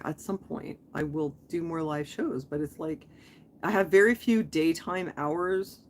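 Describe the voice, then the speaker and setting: A woman's voice: low voice, a little hiss or hum. A woman who hosts a live stream, chatting in a rambling way full of asides as she reads comments from her viewers. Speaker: online reseller and channel host.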